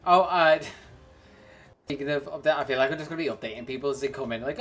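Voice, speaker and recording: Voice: medium pitch, quick pace, a bit bright, faint music behind. A streamer chatting casually to viewers during a game livestream, rambling between topics and laughing often. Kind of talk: casual livestream chat while gaming.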